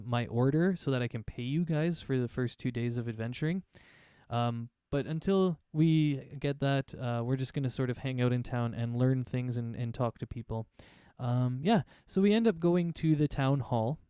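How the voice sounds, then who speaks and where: Mellow, smooth-voiced man running a game. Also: medium pitch, no room sound, clean studio sound. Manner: relaxed, rambling, many fillers. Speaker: game master. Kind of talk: tabletop game narration.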